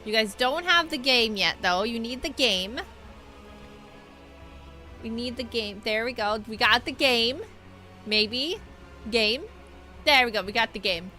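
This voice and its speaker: A woman's voice: on the high side, measured pace, long pauses, pushed and bright, soft background music. A young woman streaming a video game, chatting playfully and joking with her viewers. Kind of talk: casual gaming stream chat.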